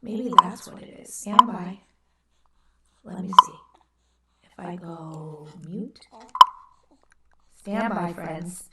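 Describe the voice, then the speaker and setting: A woman's voice: lowish voice, slow pace, long pauses, distant mic, very noisy. A woman in her thirties hosting a casual live stream from home, chatty and playful, cooing at her baby, recorded on a computer mic in an echoey room. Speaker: host.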